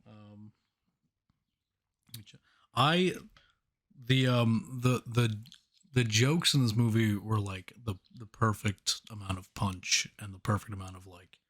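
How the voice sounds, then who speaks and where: A man co-hosting a casual movie review podcast, laid-back and halting, restarting with "um" and swearing. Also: fairly low pitch, fairly bright tone. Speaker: podcast co-host.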